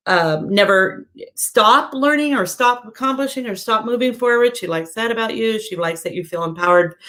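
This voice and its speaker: A woman with a mid-range, fairly bright voice works as a psychic medium, offering readings on a live stream. She reads comments out loud, chatting in a searching way packed with fillers and self-corrections.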